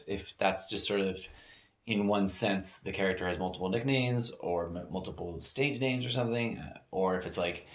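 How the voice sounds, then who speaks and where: A man hosting a solo podcast, thinking aloud in a meandering, hesitant way with many fillers and restarts, recorded in a room at home. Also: deep voice. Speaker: podcast host. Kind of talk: rambling solo podcast monologue. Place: home room used as studio. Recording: echoey room.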